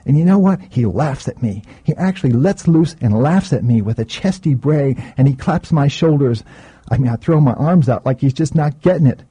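Husky, dark-voiced man narrating. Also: mid-range voice, moderate pace, no room sound, lo-fi sound. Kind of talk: audiobook narration.

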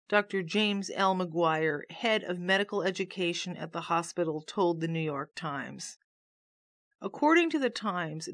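A woman reading aloud from a nonfiction book in a steady, measured way. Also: lowish voice, no echo, clean studio sound.

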